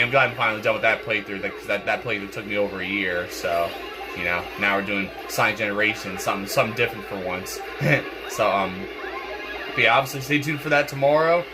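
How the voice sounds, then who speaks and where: Congested young man rambling over game music. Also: fairly low pitch. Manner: rambling, repeats words, many fillers. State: congested, clearing throat. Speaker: gaming channel host. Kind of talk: casual gameplay commentary. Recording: game music playing behind.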